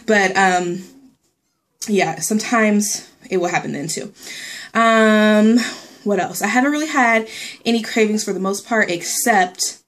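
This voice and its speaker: A young pregnancy vlogger with a medium-pitched voice talks at a moderate pace through a casual vlog update. She's chatty and rambling, packing her speech with fillers and "likes," and sounds a little out of breath as she goes.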